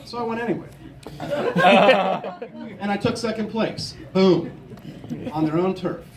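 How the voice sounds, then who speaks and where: A young man from Missouri giving a forceful, combative campaign speech at a convention. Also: high-pitched, measured pace, crowd noise. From Missouri, USA. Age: young adult. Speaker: political candidate. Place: convention hall. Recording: echoey hall, from a distance.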